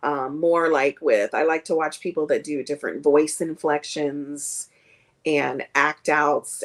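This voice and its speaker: A woman comedian chatting as a guest on a streamed video call, rambling with many fillers. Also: sits low. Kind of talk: casual interview chat.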